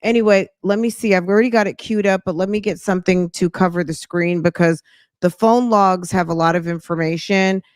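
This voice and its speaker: A woman's voice: on the low side, steady tone, a little fast, no room sound, studio quality. A woman hosting a commentary channel, talking casually to her viewers in a chatty, rambling way with many ums and restarts.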